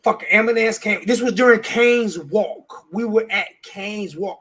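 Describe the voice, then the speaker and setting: A man's voice: high voice, measured pace, fairly bright tone, husky. A man on a sports talk show, ranting with heavy swearing and repeating his words. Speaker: show regular.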